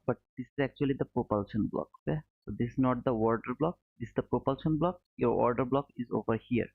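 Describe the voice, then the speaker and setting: A man teaching trading live, walking through charts step by step, repeating key points and calling his viewers brother. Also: mid-range voice. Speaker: trading educator streaming live. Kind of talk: live chart commentary answering chat. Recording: narrow phone-like audio.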